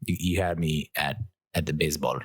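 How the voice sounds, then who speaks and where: A man's voice: a bass voice, steady tone, brisk, slightly rough, no room sound, studio quality. A man hosting his own podcast, telling a rambling, self-mocking story and laughing at his own jokes. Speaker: podcast host. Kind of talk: casual solo podcast storytelling.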